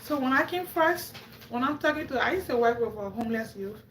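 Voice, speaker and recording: High-voiced African-accented woman streaming live. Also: lively intonation, a little fast, a bit bright, a little hiss or hum. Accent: African English. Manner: chatty, talks straight to viewers. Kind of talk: casual live-stream chat. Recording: echoey room, faint ambience.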